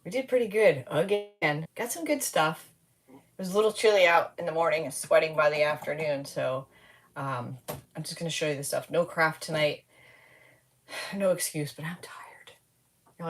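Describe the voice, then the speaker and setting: A woman's voice: low voice, fairly quick. Tired, chatty woman hosting a live stream. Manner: rambling, chatty, greets viewers by name. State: tired, slap-happy. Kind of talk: casual live stream chat.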